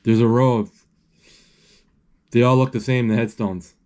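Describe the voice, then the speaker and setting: Here a man of medium pitch and darkish tone describes a film in real time, his intonation fairly even. He keeps stopping to search for words, restarting sentences and leaning on fillers.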